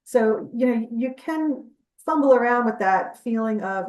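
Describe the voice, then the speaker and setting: A woman's voice: a little high, expressive, measured pace, darkish tone, distant mic. A woman guest in an interview, telling her experiences and explaining in an earnest, chatty way. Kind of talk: conversational interview storytelling. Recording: echoey room, off-mic.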